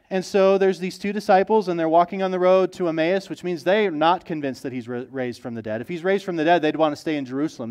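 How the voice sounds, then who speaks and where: A man preaching a sermon, his voice pitched a little high. He talks casually and with animation, often slipping into the voices of the people he quotes. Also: darkish tone. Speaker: pastor.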